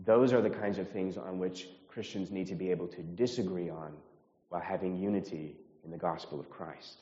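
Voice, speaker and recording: A man's voice: sits low, fairly even intonation, fairly quick, dark tone. An earnest male pastor from the United States preaching to his congregation, repeating phrases and lifting his voice when stirred. His voice rings through a church sanctuary with a long reverb tail, and the sound is a little dull. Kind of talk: sermon.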